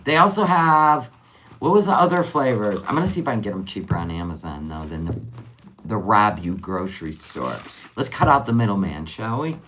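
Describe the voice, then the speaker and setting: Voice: mid-range voice, sing-song, fairly quick, a bit bright, a little hiss or hum. Casual live-stream chatter, rambling, talks to viewers, crafting at a desk. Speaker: livestream crafter.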